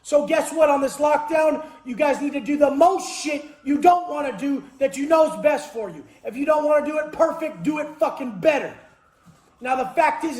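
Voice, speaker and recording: High-voiced man giving an intense, profane pep talk. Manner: intense, forceful, swears constantly, bursts into shouts. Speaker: motivational speaker. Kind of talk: profane motivational monologue. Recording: echoey room.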